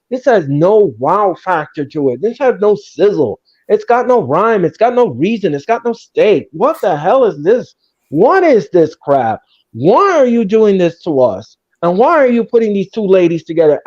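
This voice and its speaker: A man's voice: sits high, darkish tone. Guy ranting on a wrestling podcast, voice all over the place, kinda muffled sound. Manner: ranting, repetitive and emphatic. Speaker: podcast host. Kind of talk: casual wrestling chat.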